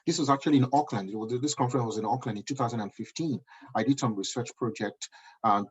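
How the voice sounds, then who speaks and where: A man's voice: medium pitch, fast talker, slightly rough. A man in his thirties with a Nigerian accent, giving an emphatic motivational talk and often checking that the audience understands. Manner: emphatic, keeps asking "do you understand?". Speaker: guest speaker. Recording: dull lo-fi recording.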